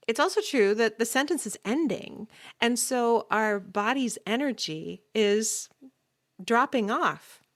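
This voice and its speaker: Slow, calm woman voice teacher. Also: medium pitch, no room sound, studio quality. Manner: explains calmly, demonstrates sounds. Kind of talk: podcast voice lesson.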